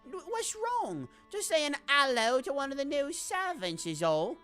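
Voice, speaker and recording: A woman's voice: high voice, big pitch swings, unhurried, fairly bright tone, soft background music, voice pushed up, heavily acted. A woman voicing a panicky young palace servant who stammers and apologises in a flustered way.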